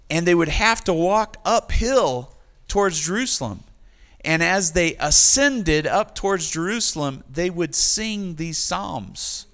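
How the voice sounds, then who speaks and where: A man's voice: a little high, a bit bright, clear, resonant tone. A man preaching a sermon, reading scripture aloud with rising emphasis and dropping into light joking asides to the congregation. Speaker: pastor.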